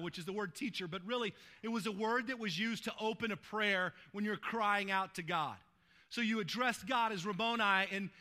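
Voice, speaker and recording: Man, pastor, sermon, bright tone, conversational retelling. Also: sits high. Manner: retells scripture conversationally, often adding "right?".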